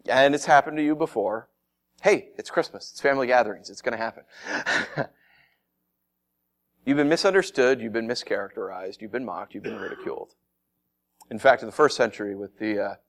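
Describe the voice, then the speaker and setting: A man preaching a sermon as pastor, animated and fond of acting out mocking voices, with frequent laughs. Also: fairly low pitch.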